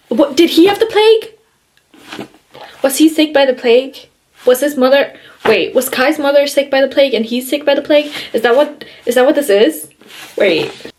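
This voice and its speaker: Woman, book vlogger, fairly high voice, gushing, laughing reactions, casual commentary. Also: a little mellow, a little hiss or hum. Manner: gushing, emotional running commentary with frequent laughs. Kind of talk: casual reading vlog reactions.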